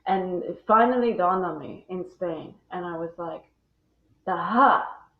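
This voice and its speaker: A woman's voice: on the low side, normal speed. Woman, intense and blunt monologue, profane and rambling; phone-quality audio with room echo. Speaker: speaker on religion. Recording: tinny phone-like sound in an echoey room.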